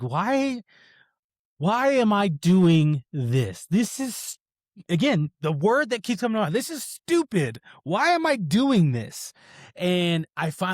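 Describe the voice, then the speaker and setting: A man in his thirties hosting a podcast, telling a personal story in a lively, animated way and acting out his own thoughts, turning to faith in a preaching tone. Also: mid-range voice, no echo, studio quality. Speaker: podcast host. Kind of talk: casual chat.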